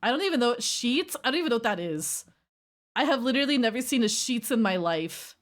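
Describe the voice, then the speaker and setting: A woman's voice: on the high side, very animated, a little fast. A woman streamer chatting casually and rambling while reacting to her chat. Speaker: livestreamer.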